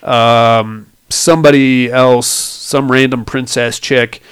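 Crude, laughing podcast man, smooth voice. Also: mid-range voice, fairly even intonation, slow pace. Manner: joking, laughs often, acts out quoted lines. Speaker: podcast host recapping a movie. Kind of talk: casual crude banter.

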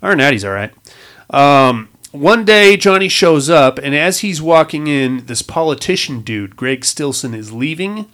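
A man's voice: on the high side, expressive, moderate pace, a bit bright. A man casually recapping a movie plot, rambling and swearing with wisecracks. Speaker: podcast host.

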